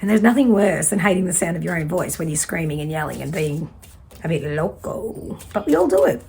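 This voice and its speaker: A woman's voice: lowish voice, sing-song, fairly quick, gravelly, darkish tone, a little hiss or hum. A woman, giving a casual tarot reading in a fiery, direct way. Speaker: tarot reader.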